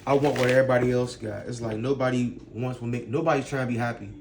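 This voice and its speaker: A man's voice: medium pitch, fairly even intonation, fast talker. A man ranting in a casual vlog, blunt and profane, firing off rhetorical questions. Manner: blunt, profane street talk. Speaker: vlogger. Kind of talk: casual rant to camera.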